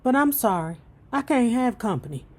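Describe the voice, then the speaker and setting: A woman's voice: fairly high pitch, sing-song, moderate pace, darkish tone. A woman reading a memoir aloud at her own pace, breaking off for blunt, profane asides. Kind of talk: book reading with casual commentary.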